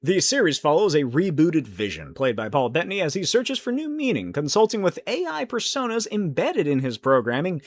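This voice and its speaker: A man's voice: a little high, wildly swooping pitch, a little fast, few pauses, dry recording. A young man hosting a casual solo podcast, thinking aloud, rambling and swearing casually as he answers chat questions. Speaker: podcast host.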